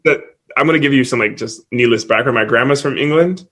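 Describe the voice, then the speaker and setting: A young man from Canada, a college basketball player, chatting casually as a guest in an interview, relaxed and quick to laugh. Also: mid-range voice. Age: young adult. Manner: laid-back, laughs often, lots of "like".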